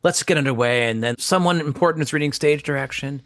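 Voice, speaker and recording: A male comedian and actor spins a casual yarn at a fast pace, with no room sound on the recording. He voices the quoted lines himself, his pitch leaping up and down.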